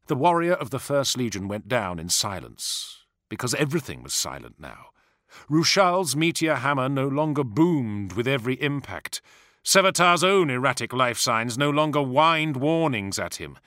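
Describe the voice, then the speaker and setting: A man narrating an audiobook in a measured, dramatic way, with hushed asides. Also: mid-range voice, sing-song, no echo, studio quality.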